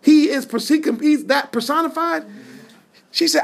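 A folksy, emphatic preacher delivers a sermon-style teaching with a gravelly rasp in the voice. The pitch leaps and dips freely as the story is told through its dialogue, with listeners answering back. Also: expressive, unhurried. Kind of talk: sermon-style Bible teaching with call and response.

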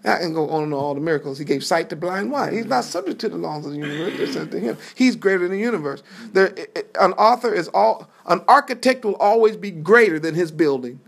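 A folksy, emphatic preacher delivers a sermon-style teaching with a gravelly rasp in the voice. The pitch leaps and dips freely as the story is told through its dialogue, with listeners answering back. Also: animated, fast talker, hardly any pauses. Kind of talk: sermon-style Bible teaching with call and response.

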